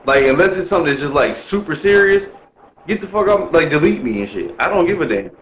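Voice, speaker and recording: A man's voice: a little high, lively intonation, fast talker, a little hiss or hum. A man talks in a loose, blunt and heavily profane way, as if ranting to a friend. His voice bounces around a lot, leaping upward when he makes a point. The recording sits in a roomy, echoey space. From Milwaukee, USA. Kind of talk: casual chat.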